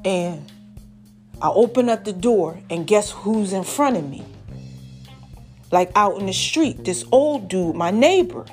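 A woman podcast host with a medium-pitched voice tells a personal story slowly, pausing often, over faint background music. She's emotional and conversational, animatedly acting out her family members' voices, and closes with preacher-like encouragement.

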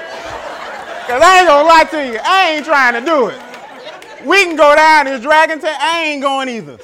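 A man giving a motivational keynote speech, telling stories with animated, emphatic repetition. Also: very high voice, normal speed, a faint crowd, a little hiss or hum. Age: adult father. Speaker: keynote speaker.

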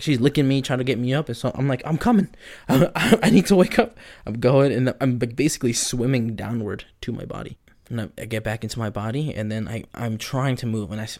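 A man in his twenties hosting a podcast, telling a story in a rambling, animated way with many restarts, recorded on a home computer mic. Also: lowish voice. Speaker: podcast host. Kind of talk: casual storytelling monologue.

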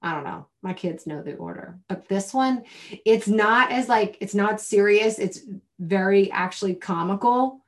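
A chatty woman in her thirties, co-hosting a casual podcast conversation. She talks with animated energy and laughs easily, with a middle-pitched voice. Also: moderate pace. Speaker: podcast co-host. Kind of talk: casual chat.

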